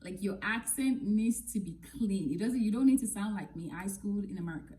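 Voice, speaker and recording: A woman's voice: mid-range voice, a little fast, mellow, low-quality recording. A woman from Nigeria who works as an English teacher, giving frank, direct advice to camera in a casual vlog.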